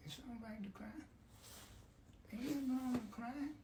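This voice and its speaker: A man speaking softly in short replies, outdoors on a city street, caught off-mic by someone else's phone. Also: very high voice, normal speed, far from the mic. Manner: soft-spoken, brief replies. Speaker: man being helped. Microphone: phone held by someone else. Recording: off-mic with loud street noise.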